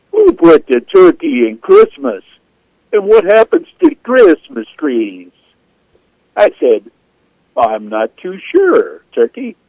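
A man's voice: on the high side, dry recording, full character voice. A man putting on a Jamaican accent for a rhythmic poem. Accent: Jamaican, put on. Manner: rhythmic, chanting delivery. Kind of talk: poetry reading. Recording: lo-fi radio sound.

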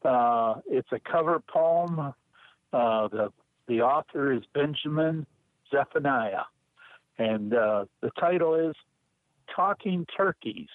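A man from Michigan calling in to a radio show, talking haltingly with many restarts. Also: medium pitch, dry recording. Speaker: caller. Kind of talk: casual chat on a call-in radio show. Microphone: telephone. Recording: tinny phone line.

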